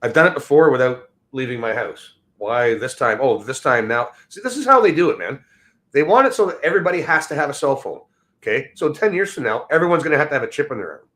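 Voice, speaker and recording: A man's voice: mid-range voice, expressive, fast, fairly bright tone. A middle-aged man who mumbles and slurs his words, hosting a livestream and ranting at his chat with constant swearing. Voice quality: mumbling, slurred diction. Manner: crude, swearing, combative toward chat. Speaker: livestream host. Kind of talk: profane casual rant.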